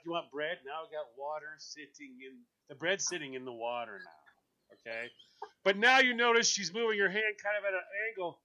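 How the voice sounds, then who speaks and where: Animated male radio host, bright voice. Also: on the high side, highs cut off. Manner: animated storyteller, acting out quoted voices. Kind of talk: casual chat on a call-in show.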